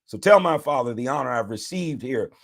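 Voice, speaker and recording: A man's voice: medium pitch, fairly quick, vocal fry. A man, a bishop, reading scripture aloud and breaking off into preacher-style commentary. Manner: animated reading with preacher asides.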